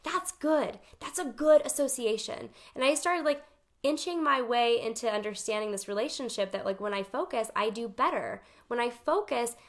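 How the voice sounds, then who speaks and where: Woman, life coach, casual talk to viewers, chatty, emphatic, slightly high voice. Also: expressive, normal speed. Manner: chatty, emphatic, acts out her own inner voice. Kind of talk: casual talk to camera, live session.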